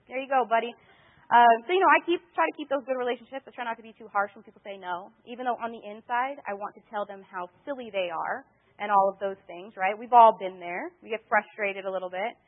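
A woman giving a motivational sales training talk, animated and storytelling, acting out her own conversations. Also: mid-range voice, fast talker, phone-quality sound. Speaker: network marketing trainer.

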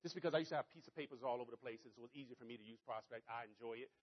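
A man's voice: medium pitch, racing. A man giving a motivational sales talk to an audience, telling stories animatedly, repeating catchphrases and coaching his listeners directly. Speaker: network marketing speaker. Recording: dull lo-fi recording.

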